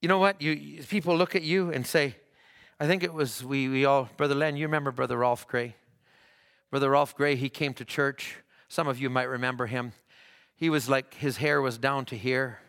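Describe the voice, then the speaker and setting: In church, a man delivers a sermon at a medium pitch with mostly level intonation. His preaching climbs into fervent shouting, broken up by frequent stops and restarts.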